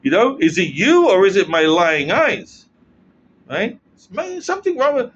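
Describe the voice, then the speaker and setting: Man, blunt sardonic commentator, frequent "right?" tag questions, raised lively pitch, muffled lo-fi sound. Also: measured pace, a little hiss or hum. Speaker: political commentator. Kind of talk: casual explanatory monologue. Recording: muffled lo-fi recording.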